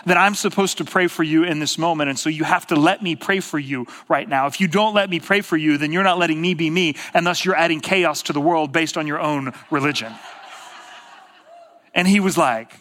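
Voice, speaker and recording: A male pastor speaks in a sermon with an easy, chatty storytelling flow. His voice sits a little high, and a long reverb trails each phrase through the big sanctuary. He swings from emphatic bursts down to near-whispered quiet. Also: a little fast. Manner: conversational storytelling, rises to emphatic bursts, drops to hushed quiet. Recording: long reverb of a large hall.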